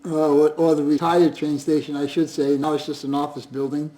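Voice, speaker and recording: A man with a notably high-pitched speaking voice hosts a casual live stream from home. He greets viewers one after another in a friendly, chatty way. Frequent chuckles run through his talk. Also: level tone, brisk, mellow, rough recording. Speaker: livestream host.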